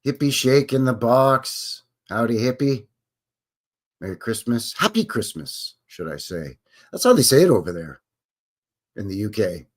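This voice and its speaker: A man's voice: mid-range voice, animated, normal speed. A Canadian man hosting a casual live stream, rambling and joking as he greets viewers by name. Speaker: livestream host.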